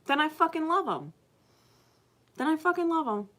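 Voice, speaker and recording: A woman's voice: high-pitched, sing-song, moderate pace, a bit bright. A woman giving a casual spiritual reading to her viewers, emphatic, swearing constantly and laughing often. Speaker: spiritual card reader. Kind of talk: casual unscripted monologue to viewers.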